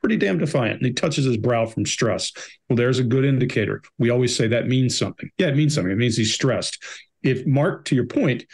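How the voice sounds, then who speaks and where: A man's voice: medium pitch, darkish tone. A man on a behavior analysis panel, giving blunt, emphatic commentary on an interrogation.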